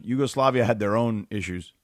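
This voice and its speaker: A man's voice: lowish voice, fairly quick, no echo, soft background music. A man co-hosting a morning sports talk radio show, goofy and rambling as he riffs.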